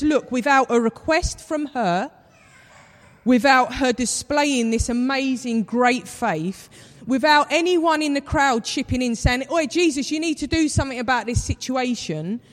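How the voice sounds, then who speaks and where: A preacher giving a sermon in a conversational, storytelling way. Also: medium pitch. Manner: conversational storytelling, acts out quoted voices. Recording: long reverb of a large hall.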